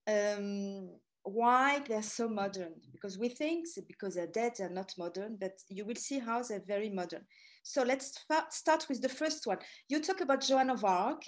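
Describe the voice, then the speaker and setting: A woman in her sixties from France with a French accent, speaking as a guest over a video call in a chatty, digressive way, with lots of hesitant fillers. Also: a little high. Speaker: guest speaker, author and tour guide.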